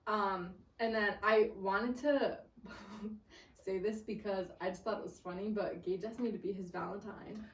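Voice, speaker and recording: A woman's voice: medium pitch, fairly even intonation, a little slow. Chatty girl in her 20s cohosting a podcast, says like a ton, sounds kinda far off in an echoey room. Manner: chatty, laughs often, says "like" a lot. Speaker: podcast co-host. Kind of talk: casual chat. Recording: roomy echo, voice a bit distant, faint noise.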